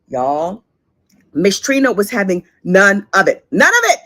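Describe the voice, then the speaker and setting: A woman's voice: medium pitch, sing-song, unhurried, a bit bright, no echo. A woman giving a sassy, gossipy commentary on a trial, talking straight to her viewers. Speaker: true crime commentator.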